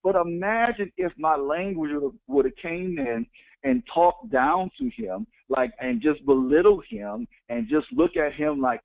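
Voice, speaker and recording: A man with a somewhat high, gravelly voice gives a motivational talk. He is emphatic, with a lively, swooping delivery, and he repeats his key phrases and counts off his points one by one. The sound is thin and tinny, like a phone line. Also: measured pace, no room sound. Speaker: motivational speaker.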